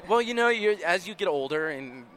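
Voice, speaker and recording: A man's voice: high voice, animated, a little fast, fairly bright tone. A man in his thirties hosting a casual interview, easygoing and often restarting his sentences. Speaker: podcast host.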